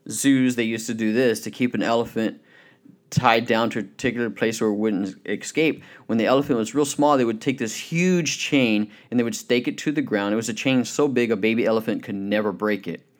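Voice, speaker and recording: A man preaching a sermon, telling illustrative stories and slowing down to stress the key points. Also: medium pitch. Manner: storytelling, emphatic, slows down on key points.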